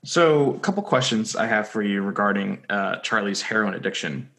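Low-voiced young man, casual podcast chat. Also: expressive, moderate pace, vocal fry, fairly bright tone. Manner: jokey, rambling, lots of fillers. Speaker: podcast co-host. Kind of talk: casual chat recapping a TV episode.

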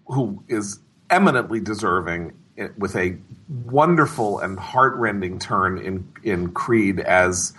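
Man, husky voice, opinionated film talk, halting, casual podcast chat. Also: fairly low pitch, expressive, a bit bright. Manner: opinionated, halting with many fillers. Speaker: podcast co-host, film critic.

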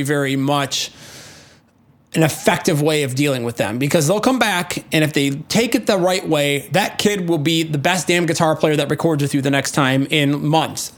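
Middle-aged male producer-host, blunt and profane, voice sits a bit high, acts out rants. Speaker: music producer and show host. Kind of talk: casual talk to camera.

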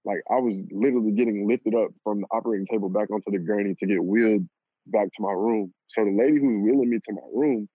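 A young man casually telling a personal story, animated and swearing and laughing at himself. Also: on the low side, quick pace, dry recording. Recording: lo-fi phone-like audio.

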